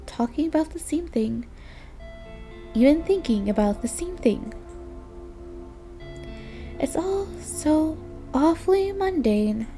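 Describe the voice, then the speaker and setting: A woman's voice: fairly high pitch, warm tone. A young woman narrating a visual novel in a wistful, weary inner-monologue voice. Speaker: game voice-over reader.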